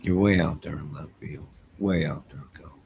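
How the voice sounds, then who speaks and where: A man with a low, gravelly voice rambles to his live-stream viewers late at night, taking his time over every thought. He sounds loose and a little defensive as he talks right at them. A faint hiss of noise sits under the recording. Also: normal speed. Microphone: wearing headphones at a desk mic.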